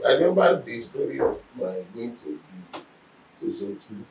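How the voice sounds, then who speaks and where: A man's voice: mid-range voice, moderate pace, creaky, distant mic. Man teaching in an echoey room. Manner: animated storytelling, acts out quoted speech. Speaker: Bible teacher. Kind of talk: Bible lesson.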